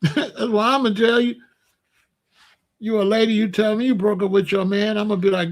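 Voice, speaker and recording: A man's voice: high voice, steady tone, brisk. A man talking casually and playfully in slang, giving loose, joking relationship advice straight to his listeners. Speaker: online talk host giving relationship advice.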